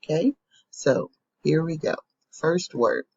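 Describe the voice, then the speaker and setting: A woman teacher giving a slow, patient phonics lesson to young children, saying each word twice. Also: low-pitched, expressive, darkish tone, highs cut off, a little hiss or hum.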